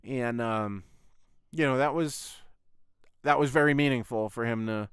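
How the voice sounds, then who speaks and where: A man on his own podcast tells a long, loosely rambling personal story at a measured pace, his medium-pitched voice a bit bright and clean. The casual monologue is full of swearing and "I was like" retellings, with clean studio sound and no room sound.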